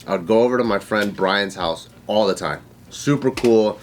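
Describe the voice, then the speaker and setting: A man's voice: normal speed, a little hiss or hum. A man co-hosting a casual chat, telling a story and acting out the people in it. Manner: animated, acts out quotes in high voices. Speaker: podcast co-host.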